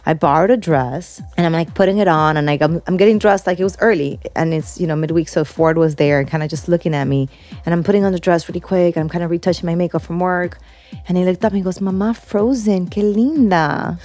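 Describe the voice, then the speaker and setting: A woman co-hosts a casual podcast and tells a personal story in a loose, rambling way. She leans on filler words and drops into short Spanish phrases now and then. Soft music sits faintly under her voice. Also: fairly low pitch, steady tone, fast. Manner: warm storytelling, many "like" fillers, slips into Spanish. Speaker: podcast co-host. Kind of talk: casual chat.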